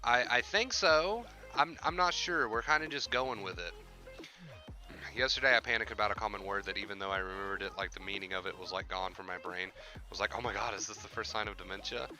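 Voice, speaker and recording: A man's voice: fairly low pitch, brisk, bright, forceful tone, soft background music. A man hosting a live stream, talking casually and earnestly to his viewers while grieving, often repeating himself for emphasis. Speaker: YouTube live-streamer hosting a mental-health Q&A.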